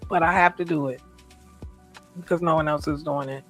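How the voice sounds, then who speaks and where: A woman's voice: low-pitched, fairly even intonation, a little slow, long pauses, fairly bright tone, faint music behind. An American woman talking in a personal, reflective vlog monologue. She speaks in a heartfelt, emotional way and repeats her affirmations. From United States. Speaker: vlogger.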